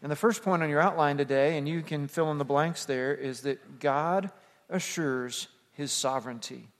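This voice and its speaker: Emphatic pastor preaching in a reverberant church. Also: male voice, on the high side. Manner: emphatic, slows to stress key words. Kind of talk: sermon. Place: church sanctuary. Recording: long hall reverb.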